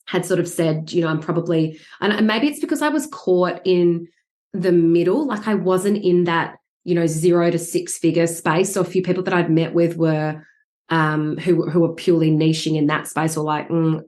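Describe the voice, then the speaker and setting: A talkative woman being interviewed over a video call from home. Her voice sits a little low, and she rambles with restarts and quick laughs in a relaxed, chatty way. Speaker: podcast guest, career coach. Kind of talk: casual interview chat.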